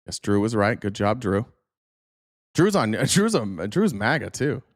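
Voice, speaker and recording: A man's voice: on the low side, big pitch swings, measured pace, no echo, studio quality. A man hosting a political commentary show, talking bluntly and sarcastically with frequent swearing.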